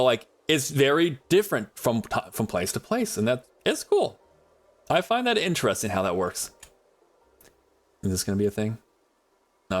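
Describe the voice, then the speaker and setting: Male streamer, casual, rambling; lively voice, talks to chat and to objects in the game. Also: mid-range voice. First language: English is his only language. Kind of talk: casual gameplay commentary.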